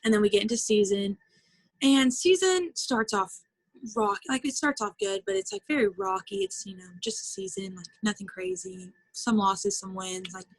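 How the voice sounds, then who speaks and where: Young woman, gravelly fry, dry close sound, chatty, emotional storytelling. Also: medium pitch, big pitch swings, moderate pace, no echo, low-quality recording. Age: 20s. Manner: chatty, lots of fillers, emotional retelling. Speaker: interview guest, former college softball player. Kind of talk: casual storytelling interview.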